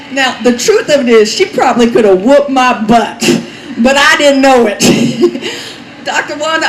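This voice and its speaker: A woman pastor telling a story in a sermon, animated and laughing often as she acts out quotes. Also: high-pitched, echoey room, noisy background.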